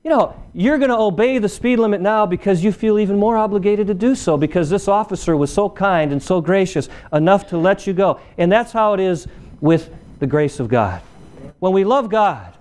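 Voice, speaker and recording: A man's voice: animated, moderate pace, a little mellow. A man giving a conversational sermon, often checking in with the audience with "right?". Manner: acts out a traffic stop in a lower voice. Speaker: preacher. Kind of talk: sermon with illustration. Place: church meeting room.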